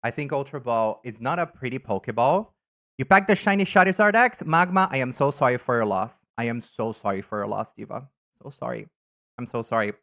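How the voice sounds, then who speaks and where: Campy animated male live streamer. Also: mid-range voice, a little fast. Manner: campy, animated, greets viewers by name. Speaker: live streamer reading chat. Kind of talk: casual live-stream chat ranking items.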